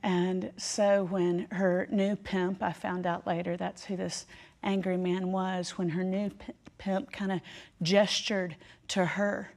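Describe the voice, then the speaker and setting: A woman teaching a women's Bible study, telling a personal story in an emphatic, heartfelt way with dramatic pauses. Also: lowish voice, level tone, vocal fry, a little mellow. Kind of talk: emotional sermon storytelling.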